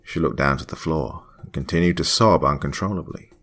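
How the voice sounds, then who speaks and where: A man reading a first-person horror story in a hushed voice that drops to whispers. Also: a bass voice, brisk. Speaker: horror podcast narrator. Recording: faint music under the voice.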